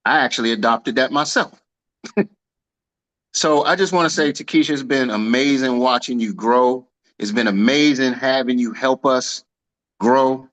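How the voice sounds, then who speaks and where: A man giving a casual celebratory speech on a video call, telling a lively slangy story and acting out the dialogue. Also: mid-range voice, moderate pace, poor audio. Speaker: team leader honoring an agent.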